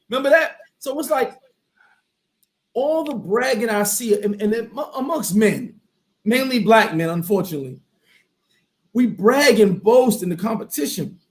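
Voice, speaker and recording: Animated high-voiced male host. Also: normal speed, long pauses. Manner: animated, preachy motivational. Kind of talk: casual chat.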